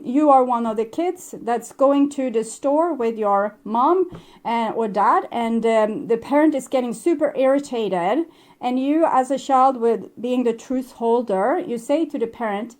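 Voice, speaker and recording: Soft-spoken woman giving a tarot reading. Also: a little high, a little slow. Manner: gentle, reflective, with soft laughs and hesitations. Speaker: tarot reader.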